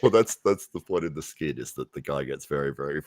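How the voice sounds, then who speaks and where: An Australian man hosts a livestream in easygoing chat, laughing often and slipping into voices for his stories. His voice sits very low. The recording is dry, with no room sound. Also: brisk, no echo. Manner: chatty, laughs often, acts out voices in anecdotes. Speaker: livestream host. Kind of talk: casual chat.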